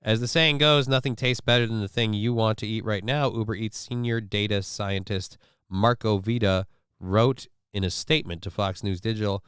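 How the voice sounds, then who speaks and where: In a studio-quality recording with no room sound, a man with a fairly low, steady voice that is fairly bright, clear and resonant speaks at normal speed. He hosts a casual live stream, reading comments and news aloud with offhand sarcasm.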